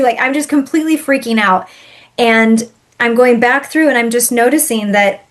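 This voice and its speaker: A woman, a spiritual healer, telling a personal story in a podcast interview in an animated, emphatic way. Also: on the high side.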